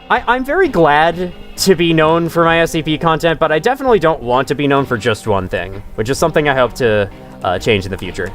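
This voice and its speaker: A man's voice: mid-range voice, fairly bright tone. A man streaming a game live from his room at home, chatting with viewers as he plays and swearing when things go wrong. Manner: chatty, reads chat aloud, swears when frustrated. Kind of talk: live gameplay commentary.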